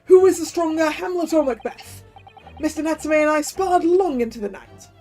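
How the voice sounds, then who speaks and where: Woman doing a pompous theatrical gentleman. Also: sits high, lively intonation, moderate pace, faint music behind. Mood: flowery, grandiose. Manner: grandiloquent, archaic. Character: theatrical posh man quoting Shakespeare.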